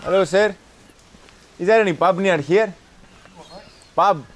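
A man's voice: high-pitched, a little slow. A man from Greece with a Greek accent, chatting casually with locals outdoors while filming a travel vlog. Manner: chatty, asks locals direct questions. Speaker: travel vlogger. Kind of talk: casual street chat. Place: outdoors in a seaside town. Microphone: handheld camera.

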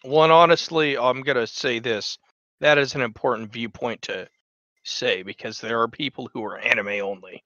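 Bright-toned man chatting on a podcast. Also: medium pitch, moderate pace, no room sound, dull audio. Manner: chatty, eager, trails off and restarts. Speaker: podcast co-host. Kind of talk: casual podcast chat.

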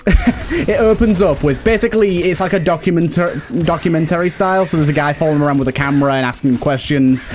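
A young man with a British accent tells a rambling story while playing a game, laughing under his breath, restarting sentences and swearing freely. His voice sits a little high for a man, and a faint hiss lies under the talk. Loose, casual commentary. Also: darkish tone. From United Kingdom. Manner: rambling, chuckling often, lots of fillers and swearing. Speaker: let's play host.

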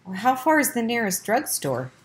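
A worried mother speaks gently and anxiously, trying to calm her child, as a woman reads her in a storybook. The voice lifts a little above the reader's usual low tone. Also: moderate pace, slight background noise. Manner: soothing, anxious.

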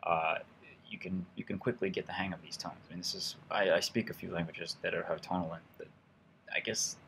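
A young man casually teaching a language lesson from a hotel room, relaxed and rambling with fillers and restarts. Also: sits low, a little fast, creaky, slight background noise. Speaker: language teacher, channel host.

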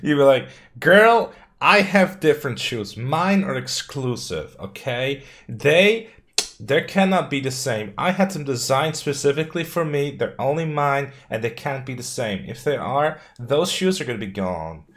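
A man's voice: mid-range voice, expressive, measured pace, a bit bright, pitched below the performer's own voice. A man playing a sassy snob with a Dutch accent. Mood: haughty. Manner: sassy, haughty. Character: snooty person bragging about exclusive shoes.

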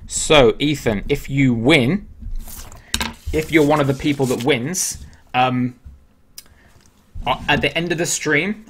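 A man's voice: mid-range voice, a bit bright. A man hosting a live stream, chatting casually and joking about each card as he opens it.

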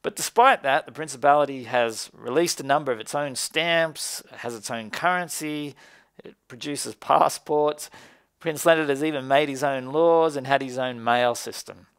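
Pastor speaking conversationally. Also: male voice, mid-range voice, moderate pace, fairly bright tone, clean tone, dry recording. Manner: conversational, with occasional fillers. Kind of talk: sermon.

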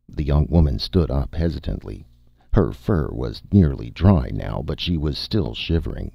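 A man narrating an audiobook in a measured storytelling read. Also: rumbling low, sing-song, vocal fry, slightly rough, no room sound. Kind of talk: scripted narration. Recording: dull, dry audiobook recording.

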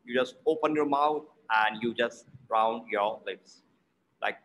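A man teaching pronunciation, explaining slowly and repeating words aloud to model each sound. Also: medium pitch, a bit bright, low-quality recording.

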